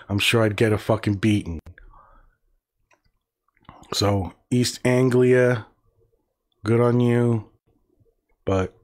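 A man's voice: lowish voice, darkish tone. A man hosting a casual livestream, reading words aloud and reacting with profane, sarcastic, muttered asides. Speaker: livestream host.

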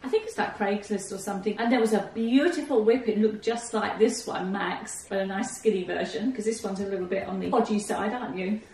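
A woman's voice: mid-range voice, a little fast, hardly any pauses, darkish tone. A woman chatting casually to camera from her couch at home, laughing often and coaxing her dogs to settle between remarks. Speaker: vlogger. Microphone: camera set a few feet away. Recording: roomy, from a distance.

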